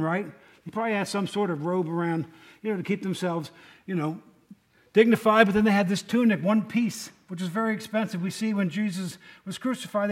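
A male pastor preaching to his congregation in a high, light voice. He keeps the sermon conversational, throwing questions at the listeners and slipping in wry, joking asides.

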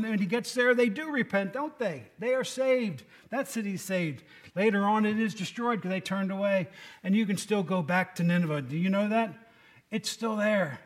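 A man preaching a conversational sermon, folksy and quizzing his listeners by name. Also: high voice. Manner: folksy, asks the congregation questions by name.

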